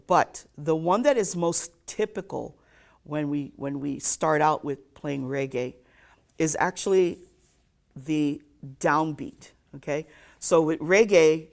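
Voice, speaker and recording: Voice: mid-range voice, slow, gravelly, pauses often. A ukulele teacher giving a live online lesson, counting beats aloud and checking in with "okay?" after nearly every point.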